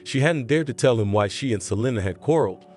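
A man narrating a scripted story in a steady, even reading voice. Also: medium pitch, quick pace, faint music behind.

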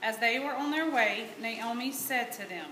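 A woman's voice: on the high side, moderate pace. A woman with a Southern American accent narrating a Bible story aloud in church as a volunteer reader. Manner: plain steady storytelling read. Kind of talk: reading scripture narration. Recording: echoey church room with hiss.

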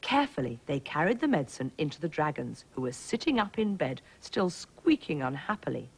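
A woman presenting a schools programme, reading a storybook to young children in a gentle, clear, sing-song way. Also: low-pitched, sing-song, brisk, rough recording.

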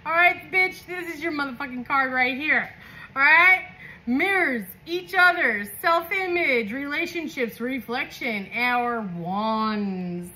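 A woman from California giving a casual tarot reading, excitable and heavily profane, often laughing. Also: sits high, measured pace, poor audio. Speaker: tarot reader.

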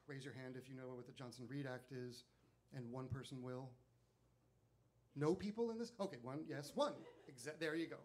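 Male speaker at a listening event, slightly high voice, casual and animated. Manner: chatty, animated, frequent fillers. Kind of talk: storytelling talk to a live audience.

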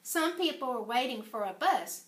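A woman preschool teacher talks to small children and reads them a storybook. Her voice is high and bright, and she swoops up and down with great expression. The echoey classroom rings around her. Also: expressive, normal speed. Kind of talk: circle time lesson and read-aloud.

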